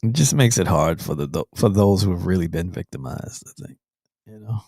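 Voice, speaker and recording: Husky man with brief side comments. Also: sits low, brisk, darkish tone, no room sound, clean studio sound. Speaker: podcast co-host. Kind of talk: casual live chat.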